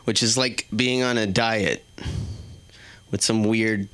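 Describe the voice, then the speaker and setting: A man's voice: fairly low pitch, fairly even intonation, slow pace, a bit bright, smooth. A man doing a stand-up set in a small comedy club, self-deprecating and chatting with the crowd.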